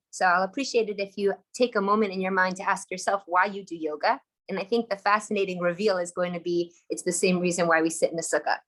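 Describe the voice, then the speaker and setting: A woman's voice: lowish voice, fairly bright tone. A woman teaching on a live video call, telling a story in an enthusiastic, chatty way. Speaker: Torah teacher.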